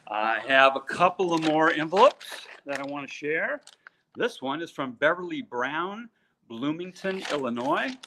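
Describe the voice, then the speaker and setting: A middle-aged man with a voice a bit above the usual male pitch talks in a casual live-stream manner. He reads names and thanks people, cracking small jokes and filling gaps with "uh" and "you know.". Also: sing-song, measured pace, sharp tone, a little hiss or hum. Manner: chatty, joking, many fillers. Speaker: co-host reading out purse makers' names.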